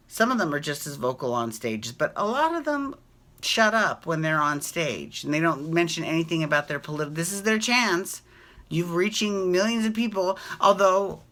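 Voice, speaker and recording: A man's voice: fairly high pitch, bright, forceful tone. A man hosting a casual soap opera recap, talking in a gushing, emotional way and swearing freely. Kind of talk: casual chat.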